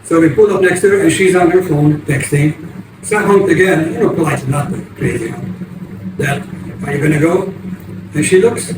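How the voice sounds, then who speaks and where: Older man telling a story, halting and roomy. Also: a little high. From United States. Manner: rambling, halting, many restarts. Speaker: vlogger. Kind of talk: casual storytelling. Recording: echoey, distant, noisy ambience.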